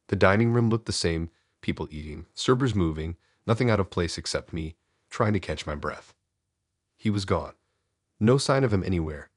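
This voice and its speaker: A man narrating first-person horror stories in a slow, somber scripted read. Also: extremely low pitch, slightly rough, no echo, studio quality.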